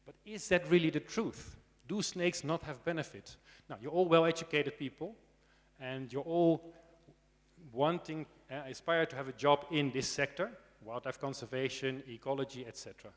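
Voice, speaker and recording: A man's voice: a little high, moderate pace. A man giving a conversational lecture on snakes to students, often checking in with the audience through tag questions and dry asides. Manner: dry humor. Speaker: snake expert giving a conference talk. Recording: long hall reverb.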